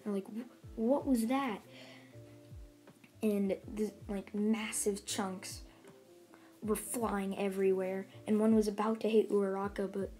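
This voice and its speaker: A woman's voice: mid-range voice, level tone, measured pace, mellow, faint music behind. A woman casually retelling a fan story, rambling along with lots of fillers and restarts.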